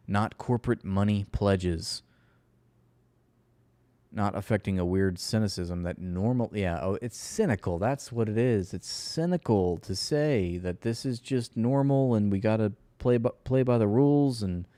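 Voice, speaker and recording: Low mellow sarcastic male streamer. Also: no echo. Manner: sarcastic, conversational. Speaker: livestream host. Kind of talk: casual political commentary.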